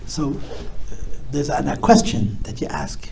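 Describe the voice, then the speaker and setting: Man, rabbi, live talk to an audience, gravelly voice, reflective then emphatic. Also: mid-range voice, wildly swooping pitch, unhurried, darkish tone. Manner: reflective, rising to emphatic bursts.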